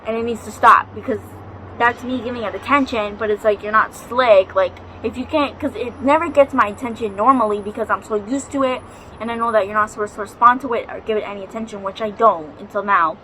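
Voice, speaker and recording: A woman's voice: a little high, fairly quick, pushed and bright, a little hiss or hum, low-quality recording. A young woman vlogging at home, telling a ghost story in a chatty, dramatic way and swearing freely. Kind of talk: casual storytelling vlog. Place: home, near a balcony.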